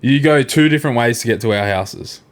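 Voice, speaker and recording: A man's voice: mid-range voice, fairly quick. Sweary young man telling stories. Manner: sweary, animated storytelling. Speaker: podcast co-host. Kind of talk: casual banter.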